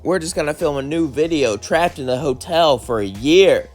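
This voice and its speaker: A man putting on a hyper, over-eager YouTuber who greets everyone at full volume. The pitch leaps well above the reader's normal voice, bright and cartoonish for a storybook. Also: lively intonation, normal speed, faint music behind, natural voice.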